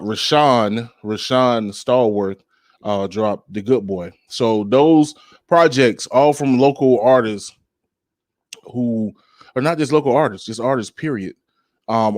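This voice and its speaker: A man hosts a laid-back music podcast, rambling in drawn-out speech full of fillers and laughing at his own slips. His voice is on the low side, and the studio-quality recording has no echo.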